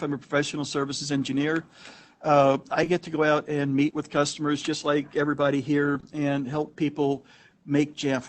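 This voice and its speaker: Man, meetup host, slightly high voice, rambling storyteller, casual talk to a live room. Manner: chatty, anecdotal, frequent restarts. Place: meeting room with a live audience. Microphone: room recording mic.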